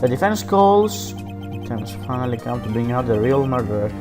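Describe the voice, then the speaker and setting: A man's voice: mid-range voice, sing-song, normal speed, pitched below the performer's own voice, close to an everyday voice. A man doing an earnest young defense lawyer. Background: background game music.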